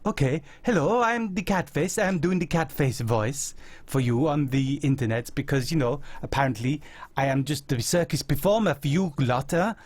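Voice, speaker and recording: A man's voice: a little high, normal speed, no room sound, close to an everyday voice. A man voicing a grumpy, sarcastic male cartoon cat who complains indignantly. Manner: indignant, mocking.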